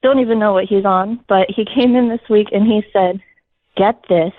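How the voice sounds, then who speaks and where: A woman's voice: mid-range voice, steady tone, brisk, dry recording. A woman calling into a talk show, telling a story in an amused, chatty way. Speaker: caller. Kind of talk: casual phone-in anecdote. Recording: tinny dry phone line.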